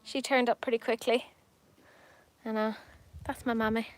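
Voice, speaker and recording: A woman's voice: a little high, level tone, moderate pace. Chatty woman on a live stream. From Ireland. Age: 30s. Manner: chatty, rambling, self-mocking, coos at her cats. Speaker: livestream host. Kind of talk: casual livestream chat. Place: home, then outdoors in a garden.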